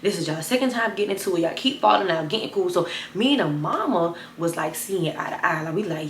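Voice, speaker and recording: A young woman telling a wild personal story to camera, animated and chatty, talking straight to her viewers. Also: quick pace, hardly any pauses, reverberant, slight background noise. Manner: animated, addresses viewers as y'all, bursts of high excited retelling. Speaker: storytime vlogger.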